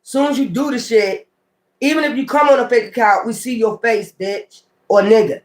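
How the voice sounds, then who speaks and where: A tarot reader on his own channel speaks in an extremely high voice at normal speed. Talking off the cuff, he goes on a profane, confrontational rant, repeating taunts and dismissively calling his critics weirdos.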